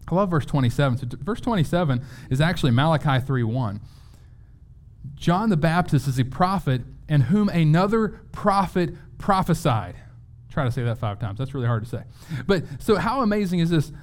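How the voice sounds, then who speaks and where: A man preaching a sermon in an earnest, conversational way, often restarting his words and slowing down to read scripture aloud. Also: on the high side, a little mellow. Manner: reads scripture aloud slowly. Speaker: pastor.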